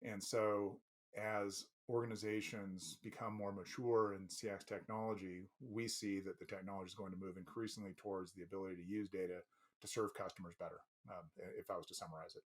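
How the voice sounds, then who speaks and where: A man's voice: sits low, flat delivery, fairly quick. A man being interviewed as a company president, talking thoughtfully and loosely with fillers and restarts. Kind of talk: casual interview chat.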